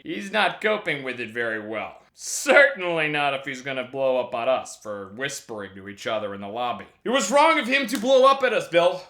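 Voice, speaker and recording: Theatrical, high-voiced male comic. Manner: animated, theatrical, profane. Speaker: vlog host. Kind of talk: comedic monologue.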